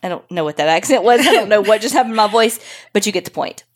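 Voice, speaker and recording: Lively, playful woman co-host. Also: mid-range voice, crowd noise. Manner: playful, swears, quick joking reactions. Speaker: podcast co-host. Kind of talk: casual chat.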